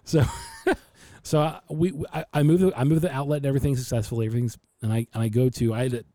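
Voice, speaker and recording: A man on a podcast, casually telling animated stories and acting out his father's voice. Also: mid-range voice, quick pace, dry recording, studio quality. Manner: animated storyteller who acts out his dad's voice. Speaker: podcast host. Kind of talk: casual storytelling chat.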